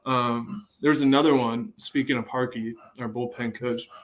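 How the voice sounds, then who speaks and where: A young man in a relaxed podcast conversation, spinning lively stories at an easy pace. His voice sits in an ordinary middle pitch, and he often trails off and picks his sentences back up as he goes. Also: normal speed, poor audio. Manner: lively storytelling, trailing off and restarting. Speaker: guest, bullpen catcher. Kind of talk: casual podcast chat.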